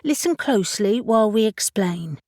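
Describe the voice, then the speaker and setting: A woman reads an audiobook part as a firm, no-nonsense young woman, her voice quality firm and blunt. Her mid-range voice is animated, darkish, moderately paced, and close to everyday speech, with clean studio sound and no room sound.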